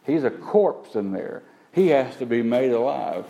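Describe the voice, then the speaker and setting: A man's voice: mid-range voice, animated, unhurried, vocal fry, mellow, low-quality recording. A man preaching a teaching sermon, asking the congregation rhetorical questions.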